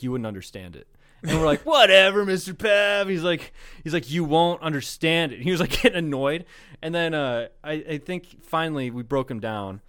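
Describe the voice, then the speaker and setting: A man's voice: a little high, clean tone, dry recording, studio quality. Rambling, laughing male podcast co-host. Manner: rambling storyteller, swears, laughs often. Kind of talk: casual chat.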